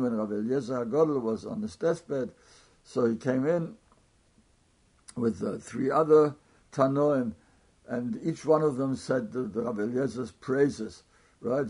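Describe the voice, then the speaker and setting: Rasping male Torah teacher, halting, repeats himself while reasoning aloud. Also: medium pitch, darkish tone. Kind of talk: Talmud lesson.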